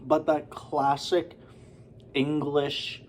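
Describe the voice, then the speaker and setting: A man's voice: fairly high pitch, flat delivery, very slow, a little hiss or hum. A man doing a casual, rambling beer review, with lots of fillers and asides.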